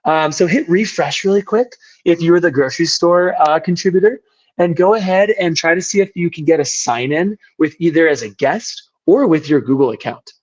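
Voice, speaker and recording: Hoarse man hosting an online workshop. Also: fairly high pitch, normal speed. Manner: upbeat, chatty, jokey. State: hoarse, voice worn out from talking all day. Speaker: workshop host. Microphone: video call. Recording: dull lo-fi call audio.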